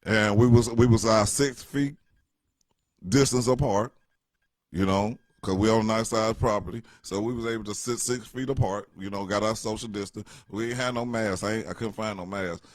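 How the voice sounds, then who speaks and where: Middle-aged man, low voice, dry close sound, loose slangy joking storyteller. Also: normal speed, no echo. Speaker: vlogger. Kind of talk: casual storytelling.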